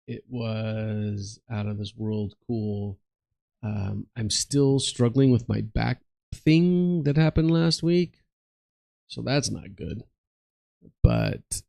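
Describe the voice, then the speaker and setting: A man's voice: on the low side, vocal fry, warm tone, no room sound. A tired man chatting casually and meandering while he plays an online game, with lots of fillers and restarts. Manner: slow, meandering, many fillers and restarts, mutters to himself. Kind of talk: casual rambling chat over gameplay.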